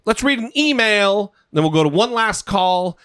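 Male co-host, lively and bright, casual and profane, dry close sound. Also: sits high, moderate pace, smooth, no room sound. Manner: profane, self-deprecating, animated. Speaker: podcast co-host. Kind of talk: casual chat.

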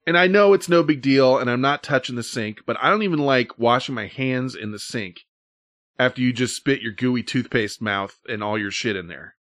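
A man's voice: medium pitch, normal speed, fairly bright tone, no echo, clean studio sound. A man in casual chat, grumbling about his pet peeves and swearing often.

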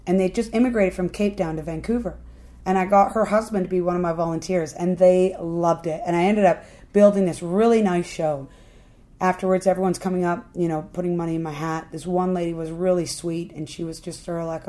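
Young woman, street performer guest, animated storyteller, swears, acts out quotes. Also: on the low side, fairly quick.

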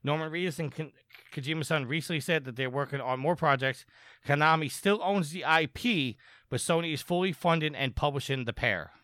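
Bright-voiced man reading gaming news. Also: a little high, no room sound. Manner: reads news quickly, then jokes around. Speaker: podcast co-host. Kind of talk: casual podcast chat, reading gaming news.

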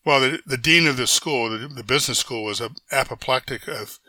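An older man telling a story as an interview guest. He talks in a lively, animated way, often restarts his sentences, and acts out the voices of people he quotes. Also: mid-range voice, a little fast, no echo. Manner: frequent restarts and self-corrections. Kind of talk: conversational storytelling.

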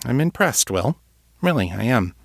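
A guarded young succubus woman, read by a man who lifts his voice a little. She speaks gently and frankly. The sound is dry and close. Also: medium pitch, very animated, moderate pace, gravelly, breathy edge, no room sound, heavily acted. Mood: wry.

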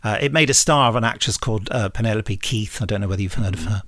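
Bright-voiced Englishman telling a lively story. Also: fairly low pitch, fast. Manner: animated storyteller, full of restarts and asides. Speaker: podcast guest. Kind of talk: casual podcast chat.

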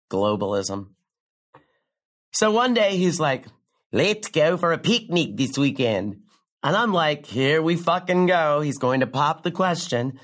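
A sardonic young comedian rambles through a profane stand-up story, her pitch leaping high and then sinking low for a deadpan aside. She sounds brash and self-mocking, in a scripted drama.

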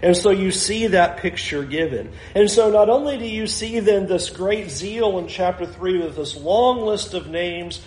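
A man's voice: high-pitched, measured pace, few pauses, darkish tone, roomy sound, slight background noise, rough recording. A man preaching a sermon in a conversational way, acting out the people in the story as he goes. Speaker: pastor.

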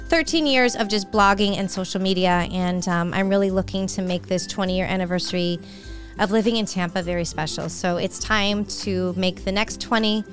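A woman's voice: mid-range voice, normal speed, faint music behind. A middle-aged woman hosting a solo podcast, talking in a candid, personal, conversational way. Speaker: podcast host.

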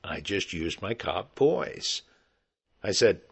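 A middle-aged man, an actor, telling a personal story in an animated, conversational way. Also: low-pitched, slow, gravelly, husky.

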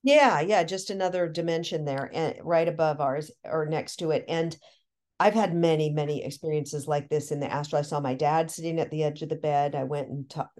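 A woman with a fairly low-pitched voice tells a personal story to a podcast host. She talks in animated, excited bursts, restarting her sentences often. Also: normal speed. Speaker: podcast guest. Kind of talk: casual storytelling.

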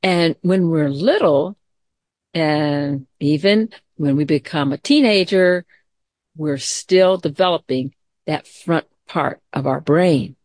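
Slow, calm woman teaching children. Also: sits low, no echo, clean studio sound. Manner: calm, gentle, talks straight to children. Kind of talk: children's mindfulness lesson with story time.

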